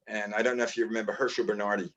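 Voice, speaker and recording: A man's voice: on the low side, level tone, rapid-fire, a bit bright, highs cut off. An older man hosting an interview, sharing rambling anecdotes from his past work. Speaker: interview host. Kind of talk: casual interview chat.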